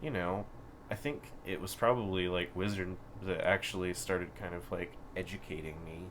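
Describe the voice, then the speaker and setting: A man with a very low voice rambles through his thoughts, full of "like" and "you know", jumping up in bursts of energy. A faint hum of room noise sits behind him. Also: normal speed, rough recording. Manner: rambling, filler-heavy, animated bursts. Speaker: co-host. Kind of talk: casual chat about games and comics. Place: comic shop.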